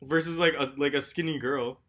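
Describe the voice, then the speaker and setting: A man's voice: fairly high pitch, fairly even intonation, brisk, fairly bright tone. A young man co-hosting a podcast, rambling casually, laughing and swearing with his friend. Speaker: podcast co-host. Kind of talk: casual chat.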